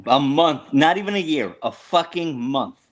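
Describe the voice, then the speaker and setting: A man's voice: on the high side, expressive. A man chatting on a podcast, crude and emphatic. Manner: crude, emphatic, quick remarks. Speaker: podcast co-host. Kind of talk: casual chat.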